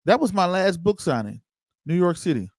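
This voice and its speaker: Male livestream host, slightly high voice, casual and chatty, close dry mic. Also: very animated, moderate pace, dry recording. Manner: loose, conversational, chats with viewers by name. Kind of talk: casual livestream commentary reading chat.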